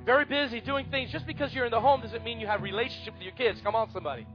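Impassioned high-voiced preacher. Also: male voice, very fast, highs cut off, soft background music. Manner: impassioned, calls out to the congregation. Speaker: pastor. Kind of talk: emotional sermon storytelling.

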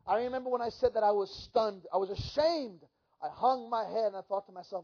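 A middle-aged man gives a sermon testimony with a high voice. He tells his story fervently and dramatically, often restarting his sentences. The recording sounds dull and lo-fi. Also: a little fast, a little mellow. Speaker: preacher.

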